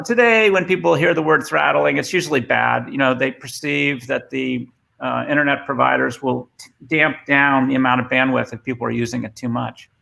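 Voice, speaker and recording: A man's voice: a little high, vocal fry, pushed and bright. A man with a Boston accent giving a conversational remote talk, often repeating words as he starts a thought. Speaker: guest speaker.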